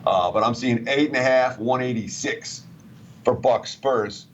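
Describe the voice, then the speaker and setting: A man's voice: mid-range voice, measured pace, highs cut off, a little hiss or hum. A man giving sports betting analysis in a chatty, conversational way. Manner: chatty, reads out quotes.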